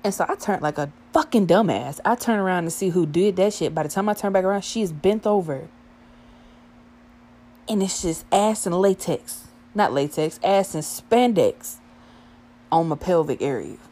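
A young woman with a fairly low voice spins a wild, profane story. She talks casually and acts out every quoted line with plenty of attitude. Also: animated, normal speed, dark tone.

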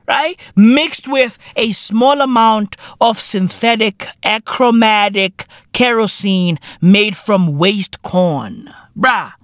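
Man in his 30s, podcast host, swearing comic rant, slow pace, swooping pitch, dry close mic. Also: no room sound. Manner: profane, laughing, repetitive, loud outbursts. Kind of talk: comedic monologue rant.

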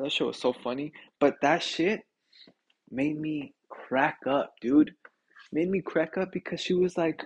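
Husky, congested young man ranting. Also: medium pitch. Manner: profane, animated, says "dude" constantly. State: sick and congested, short of breath. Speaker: podcast host. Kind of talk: casual ranting monologue.

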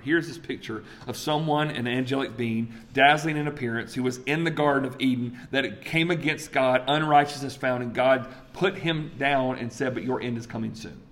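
A man preaching a sermon, acting out scripture dialogues with big swings in pitch and loudness. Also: normal speed, hardly any pauses.

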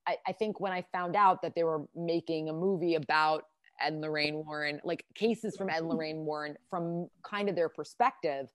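A woman from central Connecticut chatting casually as a podcast co-host, quick and full of fillers. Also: low-pitched, fairly even intonation, no echo, clean studio sound. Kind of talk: casual chat.

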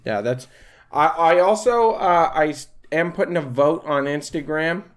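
A man's voice: a little high, unhurried. A man co-hosting a podcast in casual chat, laughing easily and swearing casually. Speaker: podcast co-host.

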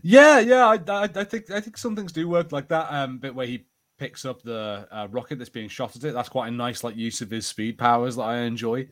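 A man's voice: mid-range voice, a little fast. Chatty man co-hosting a podcast. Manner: chatty, laughs often, hesitant ums. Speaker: podcast co-host. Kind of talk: casual podcast chat.

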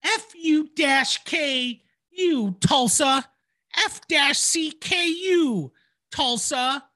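A woman's voice: high voice, drawn-out words, pushed and bright, pitched above the performer's own voice, heavily acted. A woman voicing a whiny middle-aged dad as she mockingly reads his complaint letter aloud. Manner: whiny, indignant, mocking read. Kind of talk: mock reading of a complaint letter.

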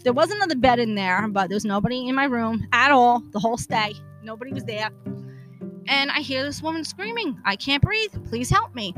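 A woman's voice: a little high, pushed and bright. A woman hosting her own show, telling a personal story in a blunt, profane way and acting out the dialogue. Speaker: podcast host. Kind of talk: casual storytelling monologue.

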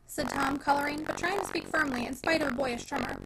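A woman reading a classic novel aloud in an expressive audiobook narration. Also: high voice, quick pace, creaky, hardly any pauses. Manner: expressive, dramatic. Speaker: audiobook reader. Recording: noisy home recording.

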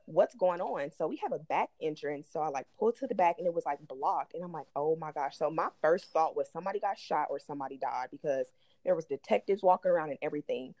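A woman, co-hosting a podcast and telling a story in casual chat, animated and profane, acting out what people said. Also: deep voice, fast talker, dry recording. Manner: animated, profane, acts out quotes. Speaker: podcast co-host.

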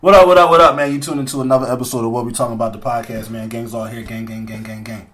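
A man's voice: mid-range voice, fairly even intonation, racing, a bit bright. A man hosting a podcast in loose, profane, joking banter with friends. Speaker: podcast host.

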